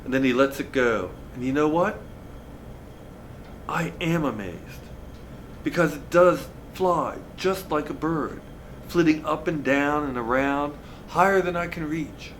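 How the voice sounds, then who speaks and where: A man reading a novel aloud in a relaxed, conversational storytelling manner. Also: a little high, measured pace, slight background noise. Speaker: reader of a novel.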